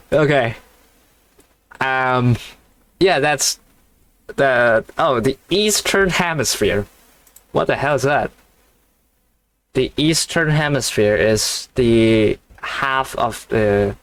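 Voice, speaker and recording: Man, reading aloud, halting, casual commentary, blunt swearing. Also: mid-range voice, fairly bright tone. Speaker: reader reacting to a novel.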